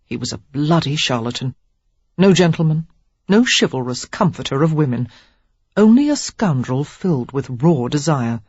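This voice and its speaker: Woman narrator, audiobook reading, husky voice, lively pitch, dull dry recording. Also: no room sound. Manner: expressive, measured reading. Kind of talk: scripted narration.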